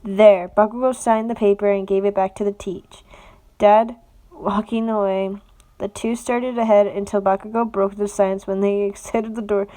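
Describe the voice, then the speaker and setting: Young female reader, slightly high voice, unpolished casual fan-story reading with stumbles and asides. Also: fairly even intonation, normal speed, a little mellow. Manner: stumbling, laughs and comments between lines. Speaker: fanfiction reader.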